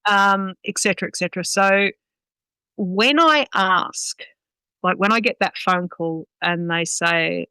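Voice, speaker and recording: A woman's voice: mid-range voice, measured pace, pushed and bright, clean tone, no room sound, poor audio. A woman, a guest dog trainer talking bluntly and swearing freely in a casual podcast chat. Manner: blunt, sweary, talks with many "um"s.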